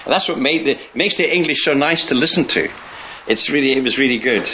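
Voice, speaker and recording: A man's voice: mid-range voice, a little fast, sharp tone. A man preaching a sermon in a rambling, conversational way, often restarting his sentences and chuckling now and then. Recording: dull lo-fi recording with faint hiss.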